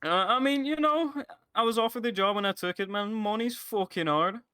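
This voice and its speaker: A man's voice: high voice, brisk, pushed and bright, smooth, no room sound. A man playing a crude, laid-back police applicant in a game role-play, cocky and rambling.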